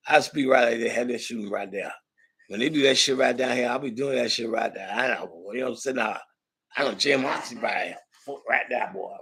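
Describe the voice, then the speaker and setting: Man, livestream host, gravelly, husky, low voice, rambling profane chat. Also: a little fast, fairly bright tone, poor audio. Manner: rambling, laughing, swearing, slangy.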